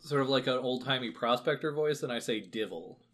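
A man co-hosts a book podcast in relaxed conversation. He speaks at a mid pitch with wordy, wry phrasing and a measured pace. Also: a little hiss or hum. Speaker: podcast co-host. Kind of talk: casual chat.

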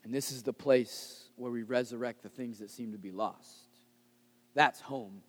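A pastor preaching a sermon in a casual, conversational way, rising to loud emphasis and dropping to soft, hushed lines. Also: male voice, mid-range voice, a little slow, long reverb tail.

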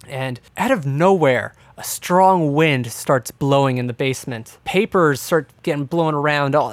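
Game master, man, slightly raised pitch, descriptive scene narration, dry close mic. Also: no room sound. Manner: descriptive, with filler words.

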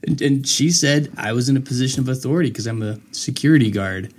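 A man's voice: mid-range voice, brisk, breathy edge. A man talking in casual chat, laughing often and reacting with short replies.

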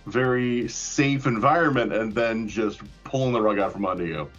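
Husky low-voiced man chatting casually. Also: normal speed, a bit bright, soft background music. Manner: rambling, fillers and casual swearing. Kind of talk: casual chat. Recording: dull lo-fi recording.

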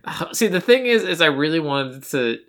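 A woman co-hosting a podcast, rambling through an animated movie recap and acting out lines from it. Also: sits low, normal speed. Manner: rambling, animated retelling with voiced quotes. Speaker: podcast co-host. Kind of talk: casual movie recap chat.

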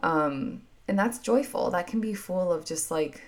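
A woman hosting a podcast, talking through her emotions in a soft, musing, reflective monologue full of casual fillers. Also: fairly low pitch, a little slow. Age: adult mother. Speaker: podcast host.

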